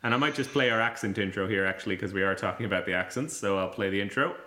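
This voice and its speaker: A man's voice: lowish voice, rapid-fire, sharp tone, reverberant, soft background music. A man hosting a film podcast in casual chat, rambling with fillers and restarts. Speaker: podcast host.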